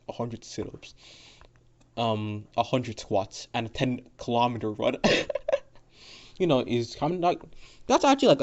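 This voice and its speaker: A man's voice: medium pitch, a little mellow. A man narrates a fan story off the cuff, rambling and swearing freely, with constant fillers and false starts. His voice sits in an ordinary mid range. The recording is dull and lo-fi. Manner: rambling, profane, full of fillers and restarts. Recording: dull lo-fi audio.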